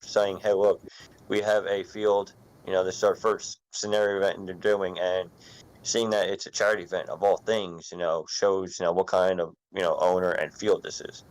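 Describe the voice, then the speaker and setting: A man's voice: deep voice, little pitch movement, normal speed, clear, resonant tone, poor audio. A man speaking earnestly and supportively as a guest on a casual video-call panel.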